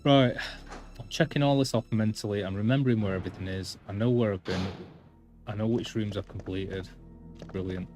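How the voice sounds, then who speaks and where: A man talks over his live stream as he plays, chatty and a bit self-deprecating. His voice sits on the lower side, and game music plays clearly in the background. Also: brisk, darkish tone. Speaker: gaming streamer. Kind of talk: casual live-stream commentary.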